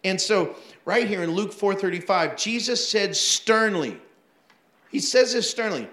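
A male pastor preaches with a slightly raised pitch, telling his stories with laughter and quick acted-out voices. His voice rings through a roomy, echoing church hall. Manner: animated storytelling with laughs and acted-out asides. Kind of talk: sermon.

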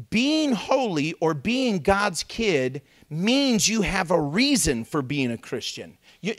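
A man's voice: high-pitched, a bit bright. A male pastor preaching a sermon, joking and acting out voices of babies and critics as he goes.

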